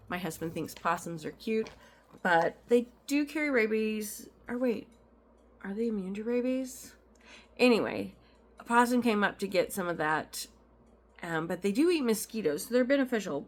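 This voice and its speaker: A woman chatting casually at home as she shows off her cross-stitch finds, rambling into asides with frequent ums. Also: mid-range voice. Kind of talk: casual show-and-tell chat. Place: at home in an apartment.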